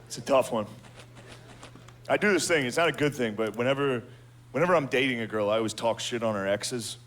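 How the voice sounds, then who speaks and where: A man's voice: mid-range voice, a little fast, fairly bright tone. Profane self-mocking stand-up comedian, man. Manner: profane, self-deprecating storytelling. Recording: clear background noise.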